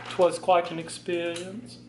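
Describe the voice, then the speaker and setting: A woman's voice: fairly low pitch, flat delivery, slow, reverberant, background noise. A woman in a playful put-on British accent, chatting casually in a mock-posh family vlog. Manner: mock-posh, lists things in a lilting rhythm. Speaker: family vlogger.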